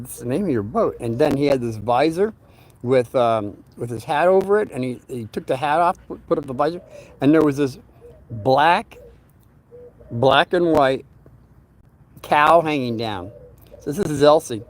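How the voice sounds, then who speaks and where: Older man, casual storytelling, rambling, halting repeats, mid-pitched voice. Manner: rambling, repeats words while searching for them.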